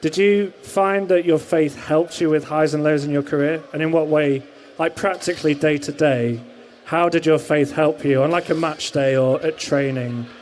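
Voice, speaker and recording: Guy hosting a live podcast, chatty friendly questions, a bit high-pitched. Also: steady tone, moderate pace, a little mellow, slight background noise. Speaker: podcast host, interviewer. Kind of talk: live interview. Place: live event stage.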